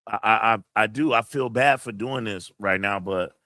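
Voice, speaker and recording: A man's voice: on the low side, normal speed, sharp tone, no echo, clean studio sound. A man hosting his channel, venting to camera in a blunt, profane, emotional way while near tears and reading out chat messages. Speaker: channel host. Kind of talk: casual livestream venting to camera.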